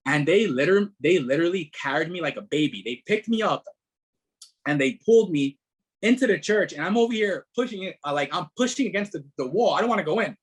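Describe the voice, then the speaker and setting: A middle-aged man, a podcast guest telling his story in a casual, animated way, repeating words and leaning on fillers. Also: fairly high pitch, brisk, husky. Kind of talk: casual testimony.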